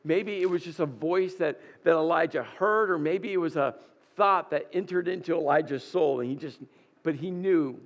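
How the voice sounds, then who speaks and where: A man's voice: fairly high pitch, normal speed, lo-fi sound. A male pastor preaching a sermon, retelling a scripture story and acting out its dialogue with rising intensity.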